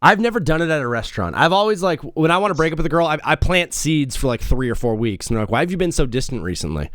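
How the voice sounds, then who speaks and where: A man's voice: fairly high pitch, expressive, fast, a bit bright, clean tone, no room sound, studio quality. A young man hosting a podcast, asking questions and teasing his guest in casual chat. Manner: playful, teasing interviewer. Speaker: podcast host.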